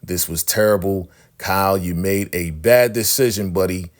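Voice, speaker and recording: A man casually recapping a TV episode, excitable and acting out the characters' lines as he retells each scene. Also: deep voice, normal speed. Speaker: recap host.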